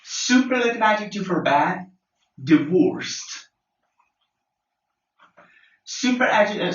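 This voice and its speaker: Slow, bright-voiced male teacher, roomy sound. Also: high voice. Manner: slow and deliberate, spells letters out, frequent fillers. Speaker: English teacher. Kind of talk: classroom grammar lesson. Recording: lo-fi, roomy, mic at a distance.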